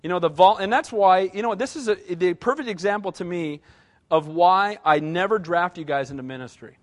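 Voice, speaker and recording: A man's voice: high-pitched, fairly quick. A middle-aged male pastor giving a conversational sermon, repeating short punchy phrases and often checking in with the congregation by asking "right?".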